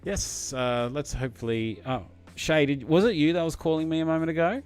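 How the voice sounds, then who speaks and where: A man's voice: on the high side, fairly quick, few pauses, clear, resonant tone, faint music behind. Chatty Australian man on a live stream. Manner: chatty and excitable, with many fillers. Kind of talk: casual live stream chat.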